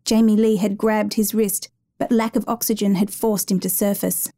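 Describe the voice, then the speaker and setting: A woman reading a dramatic true rescue story aloud in a measured, even narration. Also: medium pitch.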